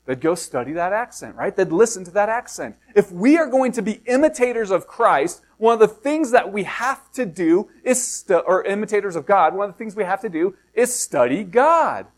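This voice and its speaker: Middle-aged male pastor, high voice, chatty sermon delivery with rhetorical questions. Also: lively intonation. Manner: reads scripture slowly and low, then preaches conversationally with rhetorical questions; self-deprecating asides.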